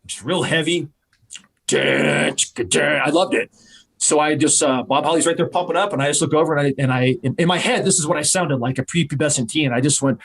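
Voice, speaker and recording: Animated male wrestler telling a story. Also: a little high, a little fast, husky. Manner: animated storyteller who acts out quoted voices. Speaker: wrestler guest. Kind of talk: casual storytelling on a podcast.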